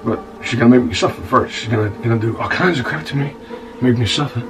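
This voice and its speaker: An actor playing a rough, self-pitying bar-owner scoundrel, stammering and repeating words as he tells his woes to "son". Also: medium pitch, quick pace, recorded from a distance, music in the background, close to an everyday voice, low-quality recording. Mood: aggrieved. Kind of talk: monologue in a comedy-drama web series.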